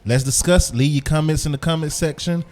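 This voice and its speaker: A man's voice: a little high, fairly even intonation, fairly quick, darkish tone. A man hosting a sports podcast in a loose, casual chat style, repeating himself, chewing gum as he talks. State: chewing gum while talking. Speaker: podcast host.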